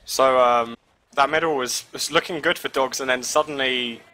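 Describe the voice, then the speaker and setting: Bright-voiced excitable esports caster man. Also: medium pitch, normal speed, a little hiss or hum. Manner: excitable, chatty, laughs easily. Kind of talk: live esports commentary.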